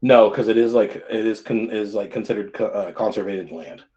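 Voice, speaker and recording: Brief: lower-voiced man, light Texas accent, loose rambling talk, dull lo-fi call audio. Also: steady tone, moderate pace, mellow. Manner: chatty, rambling with fillers. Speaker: streamer guest. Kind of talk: casual chat on a stream.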